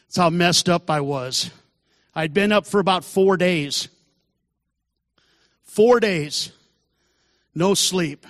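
Sermon-style and earnest, a testimony speaker describes his recovery and acts out the voices he quotes. He sounds a little high, and the clean studio recording is dry with a long reverb tail.

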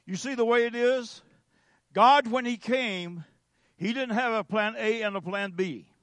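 A man preaching a sermon as a pastor, slow and emphatic with dramatic pauses. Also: high voice, clear, resonant tone, no room sound.

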